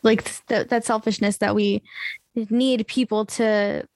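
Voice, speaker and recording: A woman's voice: mid-range voice, steady tone, unhurried, a little mellow, no room sound. A woman in casual chat, hesitant and searching for words, filling gaps with "um" and "like".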